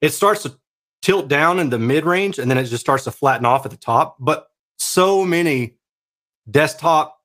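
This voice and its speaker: A man with a slightly high, expressive, fairly bright voice co-hosts a casual podcast where he reviews speakers. Laid-back and at a moderate pace, he chats through audio technical detail at length.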